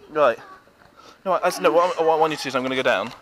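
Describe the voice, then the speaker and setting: A man's voice: on the high side, racing. A man chatting casually through a vlog and directing his friend around an outdoor theme park. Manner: chatty, animated, giving directions. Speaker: vlogger. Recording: noisy outdoor camera audio.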